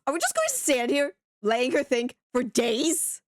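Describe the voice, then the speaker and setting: A woman streamer giving animated, teasing commentary while playing a game, laughing often. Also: sits high, normal speed, few pauses, no room sound, studio quality.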